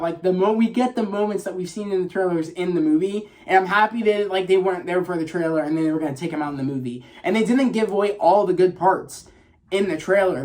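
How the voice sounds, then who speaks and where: In a vlog, a man with a high voice gives a casual spoiler review of a film. He's excited and rambling, full of fillers, restarts and swearing.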